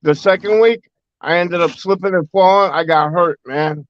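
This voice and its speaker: A man telling a story in casual chat, halting and stammering with repeated restarts. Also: sits high. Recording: dull, lo-fi dry audio.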